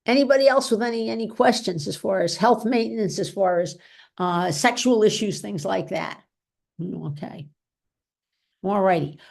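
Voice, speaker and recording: A woman's voice: medium pitch, normal speed, vocal fry, darkish tone. A woman physician giving an informal talk and taking questions, chatty and full of "okay?" and "you know". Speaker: physician presenter.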